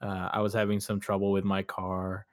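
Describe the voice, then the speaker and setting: A man with a low voice chats casually on a podcast, laughing often and restarting his sentences as he goes. The recording is dry and close. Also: completely flat delivery, moderate pace, no echo. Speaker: podcast co-host. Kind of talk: casual chat.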